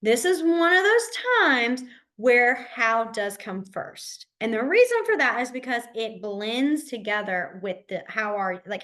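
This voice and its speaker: A young woman with a slightly high, animated, fairly bright voice teaches a beginner sign language class, keeping things casual and reassuring. She speaks each sign aloud slowly and repeats it, with plenty of fillers and restarts.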